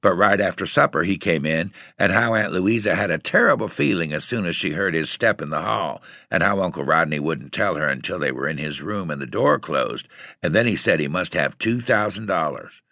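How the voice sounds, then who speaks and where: A man reading a story aloud in steady, even narration. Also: low voice, a little fast, creaky, no room sound, clean studio sound. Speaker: audiobook reader. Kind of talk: scripted narration.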